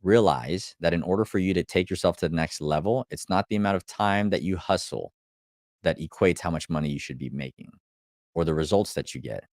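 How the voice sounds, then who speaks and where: A man's voice: low-pitched, brisk, darkish tone, no room sound, clean studio sound. A man, a life coach, giving a live motivational talk to viewers, blunt and profane, driving points home with repeated phrases. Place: live stream.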